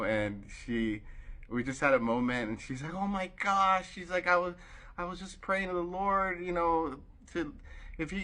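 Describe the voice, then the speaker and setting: A man telling a personal story in a casual vlog, animated, with many fillers and sudden jumps in pitch when he quotes others. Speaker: vlogger.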